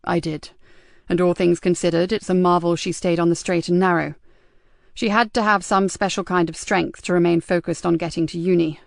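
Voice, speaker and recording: A woman reading the part of a compassionate but guarded male police sergeant who speaks in a clipped, measured way. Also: high voice, little pitch movement, creaky, no echo, clean studio sound.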